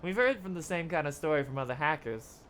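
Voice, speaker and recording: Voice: mid-range voice, expressive, fast talker, a bit bright, slight background noise. A streamer reading every character's dialogue from a video game aloud during a live playthrough, with laughing asides in between.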